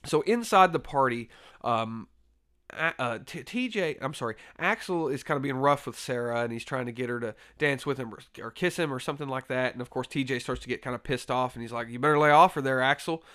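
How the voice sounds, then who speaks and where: A man's voice: medium pitch, a little fast, a bit bright. A man casually reviewing a horror film, rambling with lots of fillers and restarts and laughing easily. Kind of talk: casual spoken movie review.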